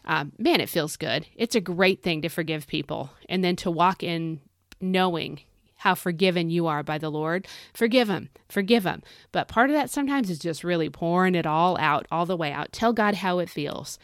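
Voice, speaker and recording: A woman's voice: fairly low pitch, normal speed, no echo, studio quality. A middle-aged woman hosting a devotional podcast, preaching in a fervent, folksy, exhorting way. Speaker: podcast host.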